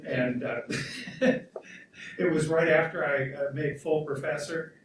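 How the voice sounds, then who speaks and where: A man, a professor, speaking at a memorial event, telling a fond anecdote with halting restarts. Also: fairly high pitch, fairly even intonation, noisy background. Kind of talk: spoken remembrance at a memorial event. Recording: echoey hall from far off.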